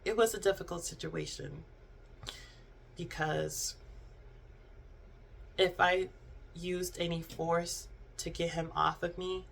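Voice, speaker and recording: A young adult vlogger telling a personal story in a halting, subdued way, with many restarts and fillers. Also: mid-range voice, creaky, fairly bright tone, a little hiss or hum. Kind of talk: unscripted storytime monologue.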